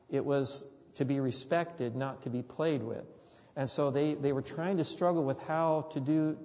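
A man's voice: medium pitch, a little mellow. A man preaching a sermon, telling a story earnestly and often repeating his words. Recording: dull sound with long hall reverb.

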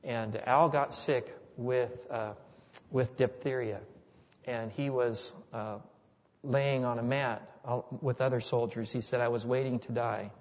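A man preaching a sermon, retelling a war story in a slow, conversational way with frequent restarts and quoted dialogue. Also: mid-range voice, fairly even intonation. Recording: dull sound in a reverberant hall.

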